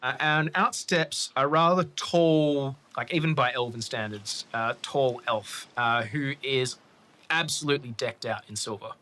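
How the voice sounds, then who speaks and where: A game master narrating a tabletop game slowly, with fillers. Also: mid-range voice, bright, forceful tone.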